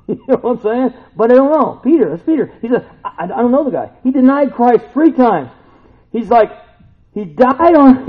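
A man teaching the Bible in a folksy, chatty manner, with a slightly high voice that leaps lively up and down. He keeps turning to his listeners with questions. The sound is thin and tinny, like a phone line. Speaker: preacher.

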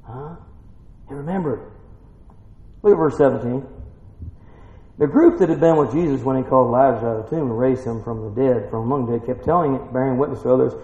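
A man preaching a sermon, swinging between quiet scripture reading and shouted excitement, calling out questions to his congregation. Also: mid-range voice, fairly quick, long pauses, echoey room, long reverb tail, dull audio.

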